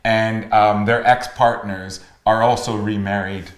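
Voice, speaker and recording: A man's voice: lowish voice, little pitch movement, measured pace. Easygoing man explaining. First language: Greek. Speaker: actor and podcast co-host. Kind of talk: casual chat.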